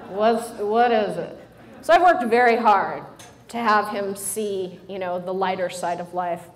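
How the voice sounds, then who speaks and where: A middle-aged woman giving a humorous motivational talk to a live audience, animated and joking as she speaks straight to the listeners. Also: mid-range voice, a little slow. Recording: roomy hall sound with faint noise.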